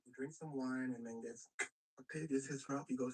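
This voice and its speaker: A man's voice: on the high side, a little fast, a bit bright, husky, far from the mic, rough recording. A man telling a comic history story in slang, jumping between voices for each character. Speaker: comedic storyteller.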